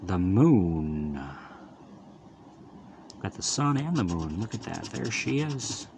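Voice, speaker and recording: A man's voice: low voice, sing-song, takes it slowly, gravelly, background noise. A man hosting his own lottery channel, calling out each symbol with casual running commentary and upbeat wisecracks as he scratches tickets.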